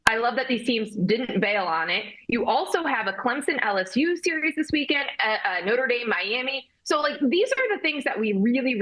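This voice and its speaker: A woman sports reporter appearing as a guest, giving energetic analysis with frequent fillers. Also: a little high, poor audio. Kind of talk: sports talk interview.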